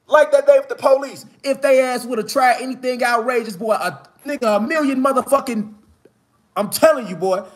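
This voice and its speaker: Fired-up high-voiced man preaching outdoors. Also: fairly quick. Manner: fired-up, profane, slangy, rising to shouts. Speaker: spiritual commentator. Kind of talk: casual preaching monologue. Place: outdoors in the mountains.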